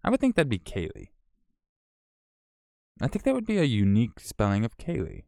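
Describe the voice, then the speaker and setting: A man's voice: medium pitch, wildly swooping pitch, moderate pace, creaky, darkish tone, no echo, clean studio sound. A man chatting casually on a live stream, thanking donors by name in a laid-back way, swearing and laughing as he goes.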